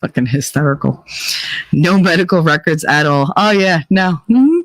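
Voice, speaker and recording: A woman's voice: low voice, animated, moderate pace, dry recording. A woman hosting a live podcast, chatting casually and candidly with her listeners, slipping into profane, sarcastic rants. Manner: candid and confessional. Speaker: podcast host. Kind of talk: casual chat to a live audience.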